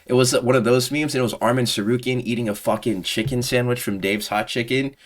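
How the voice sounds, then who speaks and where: A man's voice: mid-range voice, steady tone, fairly quick. A man giving casual, profane, exasperated commentary on a combat sports fan community, full of slang. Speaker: MMA commentary YouTuber.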